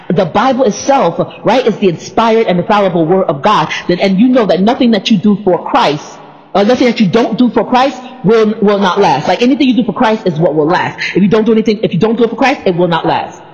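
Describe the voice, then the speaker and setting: A woman giving a casual faith talk to the camera, sleepy and allergic, talking in an animated way and repeating words as she goes. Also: mid-range voice, fast. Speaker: church member sharing devotional thoughts. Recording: reverberant, dull lo-fi sound.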